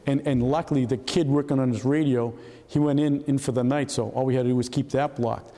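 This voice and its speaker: A man's voice: mid-range voice, a little fast. Older man telling stories in an echoing hall. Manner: animated, acts out voices of people in his story. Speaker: retired FBI agent telling stories. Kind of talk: anecdotal storytelling to an audience. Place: hall at a historical society talk. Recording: long reverb of a hall.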